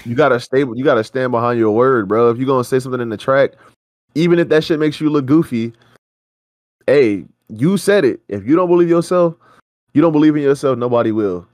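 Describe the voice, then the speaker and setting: A man's voice: medium pitch, brisk, darkish tone, dry recording, clean studio sound. A man co-hosting a reaction show, ranting in heated, profane casual chat.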